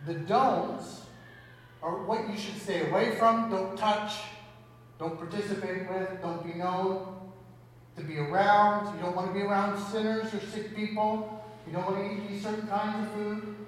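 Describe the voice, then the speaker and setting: A man's voice: high-pitched, fairly even intonation, measured pace. A man preaching a sermon to a congregation, talking in a conversational way and asking rhetorical questions. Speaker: pastor. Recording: echoey hall, mic at a distance.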